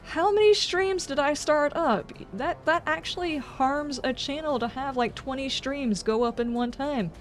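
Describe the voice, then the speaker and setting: A woman's voice: sits high, unhurried, hardly any pauses, soft background music. Exasperated woman ranting on stream. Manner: exasperated ranting with sarcastic asides. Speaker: game streamer. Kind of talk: casual livestream chat.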